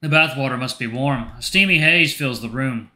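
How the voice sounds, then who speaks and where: A man hosting a gaming channel, reading a story game aloud in steady narration. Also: medium pitch, moderate pace. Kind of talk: reading a visual novel aloud.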